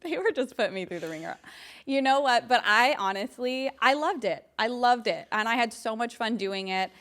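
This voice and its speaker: A woman in her thirties, a guest in a casual interview, telling animated stories with lots of laughter and acted-out quotes. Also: on the high side, normal speed. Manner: giggly, animated, quotes others in voices.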